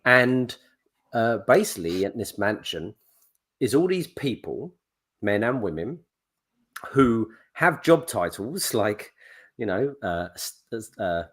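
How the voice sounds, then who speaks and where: A man's voice: on the low side, very animated, slow, fairly bright tone. A man co-hosting a podcast, rambling through a story and acting out quotes in different voices. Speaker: podcast co-host. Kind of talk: casual chat.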